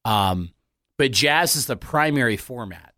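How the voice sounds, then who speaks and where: A man's voice: mid-range voice, expressive, measured pace, sharp tone, dry recording. A man with a Western Kentucky accent, a radio DJ guest telling his career story in an easygoing, self-deprecating way in a studio. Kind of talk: casual chat.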